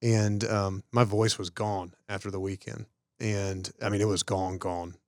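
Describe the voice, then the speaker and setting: A man's voice: lowish voice, little pitch movement, unhurried, a little mellow, no echo, clean studio sound. A man co-hosting a podcast, speaking earnestly in casual conversation. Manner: earnest, affirming listener. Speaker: podcast co-host.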